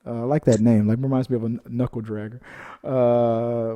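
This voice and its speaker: A man with a mellow, dark-toned voice reads viewer comments aloud on a casual reaction show. He keeps wandering off into side stories and then apologizes for them. His pitch is average for a man. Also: flat delivery, moderate pace. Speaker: co-host of a reaction channel reading viewer comments. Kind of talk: casual chat.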